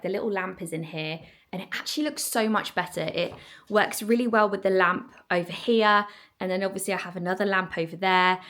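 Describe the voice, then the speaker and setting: A woman's voice: lowish voice, fairly bright tone. A woman in her thirties with an English accent, chatting casually in a home vlog, with lots of "like" fillers. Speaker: vlogger.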